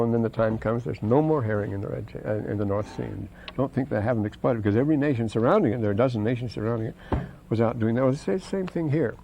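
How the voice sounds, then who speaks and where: A man's voice: on the low side, vocal fry, dark tone, slight background noise, rough recording. A man lecturing on scripture, wandering off into asides and "you see", and reading quoted verses aloud with more force. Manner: reads quoted verses aloud with rising emphasis.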